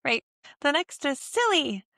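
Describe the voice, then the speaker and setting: A woman's voice: medium pitch, normal speed, creaky, a bit bright, dry recording, studio quality. A woman in her thirties teaching baby sign language at home, slipping into sing-song baby talk to model each sign. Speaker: parenting educator.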